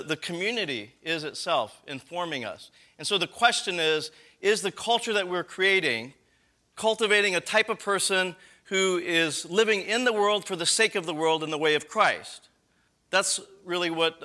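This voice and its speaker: A man's voice: on the high side, sharp tone. A man giving a live conference talk on church leadership, lecturing conversationally with rhetorical questions and frequent self-corrections.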